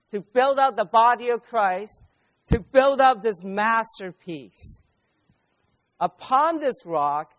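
A man preaching a sermon at a conference, speaking emphatically, repeating key phrases slowly and addressing the audience directly. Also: high-pitched, a bit bright.

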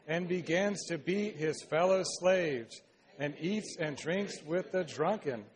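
A man with a slightly raised voice is preaching a sermon. He reads scripture slowly and comments in an earnest, exhorting way. His talk is full of small restarts and tag questions. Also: fairly high pitch.

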